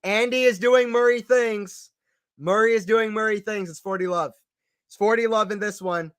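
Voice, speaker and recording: Excitable man calling tennis play-by-play. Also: high voice, normal speed, clean tone, no echo. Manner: excited, chatty, repeats phrases, reads out chat. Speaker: live stream commentator. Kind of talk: casual play-by-play tennis commentary.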